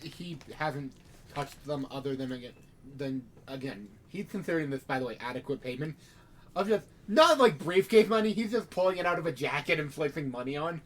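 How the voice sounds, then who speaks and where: A man's voice: a little high, animated, fairly quick, slight background noise. A man narrating as game master for a tabletop role-play game, casual and wry, with rambling asides.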